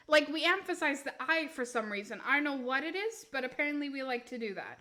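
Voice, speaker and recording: A woman's voice: sits high, lively intonation, moderate pace, sharp tone. A young woman chatting casually on a live stream, joking and giggling as she rambles. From Sweden.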